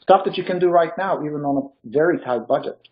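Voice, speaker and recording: A man with a slight foreign accent, a non-native English speaker, gives motivational advice in a casual interview. His voice sits somewhat high for a man. The lo-fi call audio sounds a little dull. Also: fast talker. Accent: Eastern European. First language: not English. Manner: emphatic, motivational, laughs easily. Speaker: real estate coach, guest.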